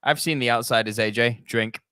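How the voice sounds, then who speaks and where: A man's voice: medium pitch, pushed and bright, clear, resonant tone, no room sound, clean studio sound. A man hosting a live stream, reading viewer comments aloud in a teasing, swearing, casual chat. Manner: teasing, swearing, quick laughter.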